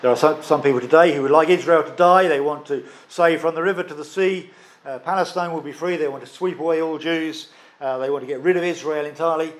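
A man preaching a sermon, emphatic, stressing and repeating key phrases with pauses. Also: on the high side, fairly even intonation.

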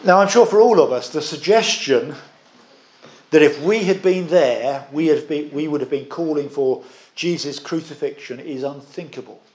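Man, preaching, emphatic, measured, raised pitch. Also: darkish tone. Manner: earnest, emphatic, measured with pauses. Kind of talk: sermon.

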